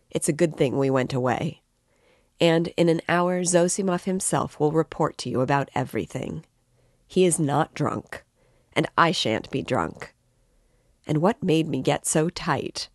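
A woman's voice: low voice, a little slow, no echo, studio quality. A woman reading as a tipsy ranting young man. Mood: impassioned. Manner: impassioned, ranting. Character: excitable drunken young man, effusive.

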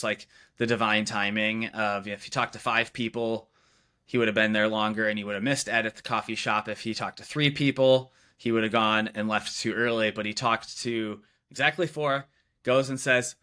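A man's voice: on the low side, fairly even intonation, moderate pace, sharp tone. A young man casually telling a story in a podcast chat, loose and filler-heavy, with lots of "like" and "you know". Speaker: videographer, podcast co-host.

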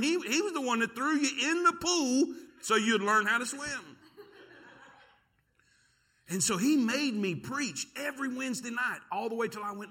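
A man's voice: very high-pitched, breathy edge. A middle-aged man preaching a sermon in a church, telling a folksy story and calling out to the congregation. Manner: animated, folksy, talks to the congregation. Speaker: pastor. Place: church sanctuary.

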